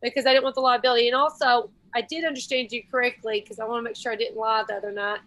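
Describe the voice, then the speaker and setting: A woman with a high, bright and sharp voice talks in a casual group conversation. She asks questions, confirms details and reads text out in a brisk, practical way. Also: steady tone, no echo.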